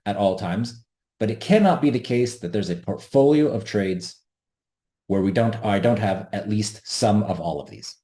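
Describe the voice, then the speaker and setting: A man hosts an options trading webinar, presenting earnestly and emphatically and going over his key points again and again. His voice is fairly low in pitch with a dark tone.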